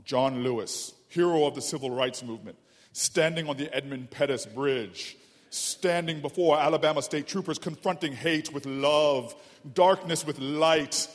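A man doing a booming documentary narrator. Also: natural voice. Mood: grandiose. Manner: slow, solemn, dramatic delivery. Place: large public hall. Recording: reverberant hall from far off.

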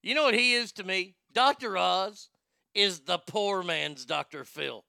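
On his laid-back commentary show, the host reads posts out loud, cracking jokes, swearing freely and speaking bluntly. His voice is high and bright with some gravel, his pace is measured, and the sound is smooth, dry and free of room ambience.

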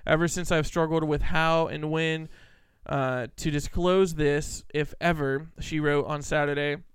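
A man hosting a casual radio talk show, joking and loose, talking in quick bursts. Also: on the high side, fairly even intonation, clean tone, no room sound, clean studio sound.

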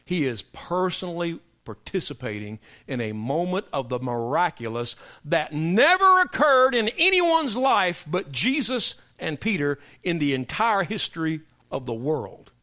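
A man with a drawl preaches a sermon. He tells joke stories in a folksy, easy way. Then he builds to loud, raised, emphatic preaching before falling back to a hush. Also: on the high side, big pitch swings, measured pace, few pauses. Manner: folksy storyteller, swings from soft asides to loud emphatic preaching.

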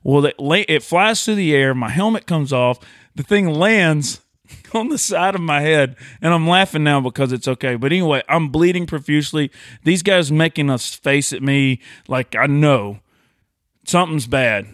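A man's voice: fairly high pitch, normal speed, a bit bright, no echo, studio quality. Laughing man telling tall tales. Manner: laughing, playful storyteller. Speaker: podcast host. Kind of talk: casual chat, storytelling.

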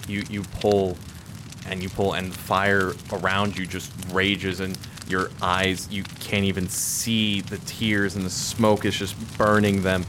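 A man running a tabletop game as game master, narrating the scene in a vivid, suspenseful way with pauses. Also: low-pitched, little pitch movement. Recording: noticeable background noise.

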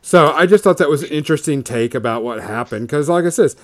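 A man's voice: fairly high pitch, expressive, fast talker. A man in his thirties, a podcast co-host, telling a story in casual chat, rambling with lots of fillers.

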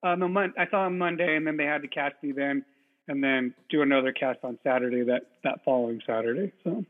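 A man co-hosting a podcast, telling an animated, profane story in casual chat. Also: medium pitch, brisk. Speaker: podcast co-host. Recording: tinny phone-like sound.

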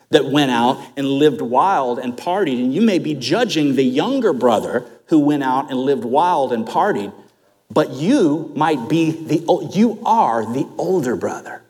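A middle-aged male pastor preaching a sermon, telling stories in an animated way and building to loud, emphatic peaks. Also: a little high, a little slow. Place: church sanctuary. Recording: church hall reverb.

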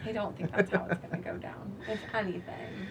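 A woman's voice: medium pitch, steady tone, fairly quick, creaky, slight background noise. A woman co-hosting a podcast in casual chat, wry and amused, laughing often. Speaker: podcast co-host.

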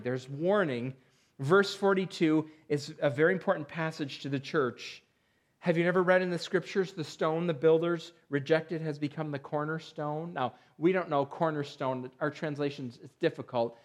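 Man preaching a sermon, slightly high voice. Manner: reads scripture aloud with rising emphasis, then explains in plain talk. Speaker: pastor.

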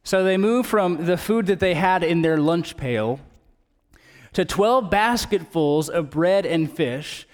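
Earnest preacher in an echoing hall. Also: male voice, on the high side, expressive, takes it slowly. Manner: earnest, conversational, builds up with emphasis. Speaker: pastor. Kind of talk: sermon.

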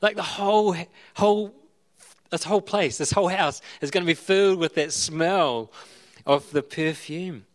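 A man's voice: sits high, moderate pace. A man in his thirties giving a conversational sermon as pastor, chatty and digressive with storytelling asides.

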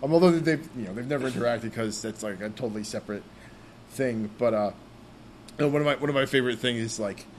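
A man's voice: medium pitch, fast talker. Young guy rambling on a gaming podcast, mid voice, tons of likes, faint hiss. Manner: rambling, many fillers and restarts. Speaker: podcast co-host. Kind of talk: casual chat about role-playing games.

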